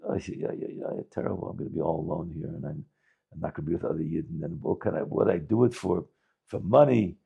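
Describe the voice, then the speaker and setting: A man voicing a lonely tavern keeper who quietly laments being left alone. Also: deep voice, fast talker, vocal fry, husky, highs cut off, pitched below the performer's own voice, full character voice. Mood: despairing. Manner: soft, despairing lament.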